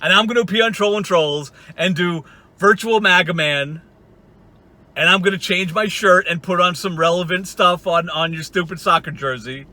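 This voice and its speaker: A man's voice: high voice, normal speed, bright, forceful tone. A man ranting in a casual vlog monologue, mocking and profane, often breaking into laughter. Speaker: online video creator.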